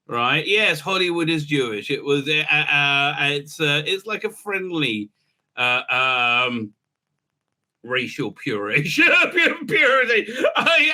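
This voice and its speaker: A rabbi delivers a casual, rambling commentary monologue full of sarcasm, often breaking into laughter. His male voice sits on the high side and has a sharp edge.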